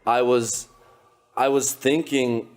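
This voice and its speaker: A young man, a podcast guest, telling a story in a loose, animated way, full of filler words. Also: mid-range voice, slow. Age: young adult. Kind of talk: casual storytelling. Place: his apartment.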